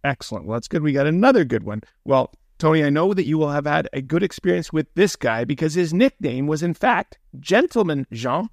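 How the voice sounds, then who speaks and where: A man's voice: fairly high pitch, expressive, a little fast, few pauses, dry recording, studio quality. A man hosting a podcast, asking short, upbeat interview questions. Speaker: podcast host.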